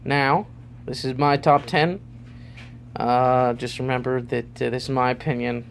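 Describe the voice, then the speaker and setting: A man's voice: medium pitch, flat delivery, measured pace, vocal fry, a little hiss or hum. A man hosting his own vlog, rambling loosely through a ranking with lots of fillers. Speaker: vlogger.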